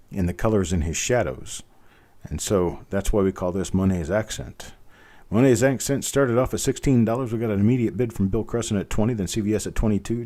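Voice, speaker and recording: Low, mellow-voiced man calling auction bids. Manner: joking, patient, repeats bids in a steady calling rhythm. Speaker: auctioneer host. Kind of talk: live online coin auction, chatty.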